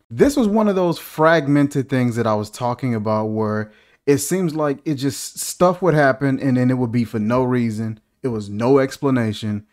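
A man's voice: medium pitch, normal speed, a little mellow. A man hosting a casual movie reaction, joking and incredulous, asking one rhetorical question after another.

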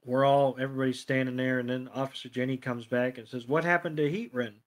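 A man's voice: mid-range voice, steady tone, fast talker. A man co-hosting a podcast, casually recapping an episode with sardonic comments and free swearing. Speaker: podcast co-host.

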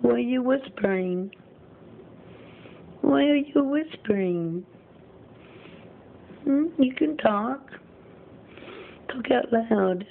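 A woman's voice: on the high side, animated, drawn-out words, gravelly, long pauses. A woman making a home video, talking in cooing baby talk to her cat. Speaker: cat owner. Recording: tinny lo-fi home video with faint hum.

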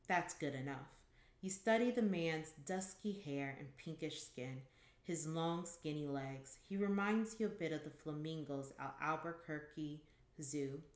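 A woman reading a short story aloud at home in a calm, measured way. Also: low-pitched. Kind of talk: audiobook-style story reading. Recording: echoey room.

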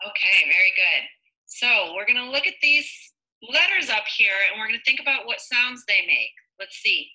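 A woman teaching young children phonics online, sounding out letters one by one and asking gentle questions. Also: fairly high pitch, animated, poor audio. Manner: slow, sound-by-sound modeling. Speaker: preschool teacher.

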